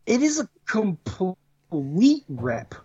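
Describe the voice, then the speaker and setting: Male podcast co-host, fairly high voice, excitable and giggly, dry lo-fi audio. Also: drawn-out words, husky, no echo. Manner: excitable, laughs a lot, swears. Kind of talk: casual chat.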